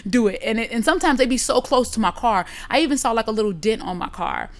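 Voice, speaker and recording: In casual conversation, a woman with a slightly high voice talks fast, animatedly telling a story full of profanity. She acts out the things people said.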